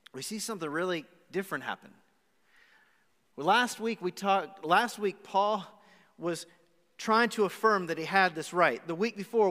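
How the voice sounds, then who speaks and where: A man pastor preaching a live sermon, telling a story with animated acted-out asides. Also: high voice. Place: church auditorium. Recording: live church hall with long reverb.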